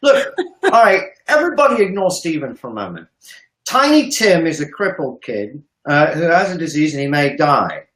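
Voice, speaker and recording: A man explains things with emphatic, lively swings in pitch, his voice sitting a little high. He keeps checking in with "okay?" as he goes. He is on a video call, and the room around him echoes. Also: normal speed. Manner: emphatic, repeats words, punctuates with "okay?". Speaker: guest economist. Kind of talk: animated explanatory talk.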